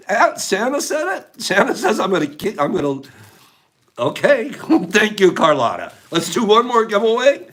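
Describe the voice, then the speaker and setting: A man hosting a casual livestream, chatting to viewers in an animated way and laughing often. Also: on the high side. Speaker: livestream host.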